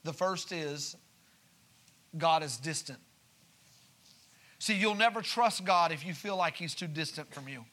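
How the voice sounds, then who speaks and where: A man with a drawl preaches in a church, his voice high and bright. He checks in with the congregation as he goes, then rises into urgent, raised preaching. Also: a little slow, pauses often. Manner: builds from quiet reading to raised, urgent preaching; asks the congregation for responses. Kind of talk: sermon.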